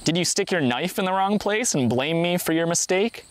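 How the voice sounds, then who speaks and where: A man's voice: high voice, expressive, moderate pace, voice pushed up. A defensive old blind man who protests in a thin, raised voice, as a male reader puts him on. He sounds fussy and wronged rather than truly angry. It's a told storybook figure.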